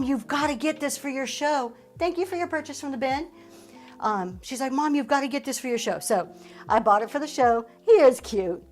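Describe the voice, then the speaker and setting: A middle-aged woman from Pennsylvania, hosting a live reselling auction in an upbeat, chatty way and thanking her viewers as she goes. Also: fairly high pitch. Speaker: live-stream reseller host. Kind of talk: live auction selling chat.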